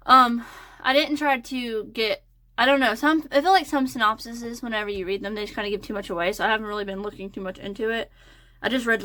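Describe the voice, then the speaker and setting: A woman's voice: fairly high pitch, a bit bright. A young woman talking in a casual, hesitant ramble full of fillers while getting ready. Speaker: crochet and design vlogger.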